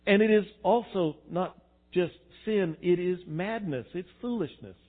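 A man preaches with lively swings between hushed, reflective passages and loud, emphatic bursts. His voice sits a little high for a man. The recording is thin and tinny, like a phone line. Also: a little slow. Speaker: pastor. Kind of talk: sermon.

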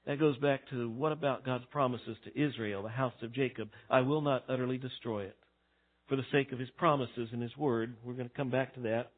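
A man preaching a sermon as a pastor, swinging between loud emphatic lines and hushed ones. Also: medium pitch, steady tone, brisk. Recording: tinny phone-like sound.

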